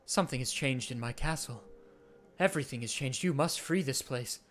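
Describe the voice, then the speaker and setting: Man doing a quiet, aloof ghost king, dazed and soft, mid pitch. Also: normal speed, natural voice. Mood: mournful. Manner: aloof, confused, soft-spoken.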